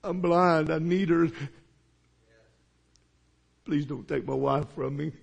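A preacher putting on a blind old beggar man, desperate and begging for help. The voice drops lower than the preacher's own, gravelly and edged, with hoarse breath around it. He begs in a hush and then cries out for mercy. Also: fairly even intonation, slow pace, dull audio, heavily acted. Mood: pleading, hushed. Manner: hushed pleading turning to cries for help.

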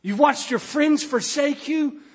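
A man's voice: very high-pitched, a little slow. Man putting on a scornful male devil, mocking, accusing, sermon retelling. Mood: taunting.

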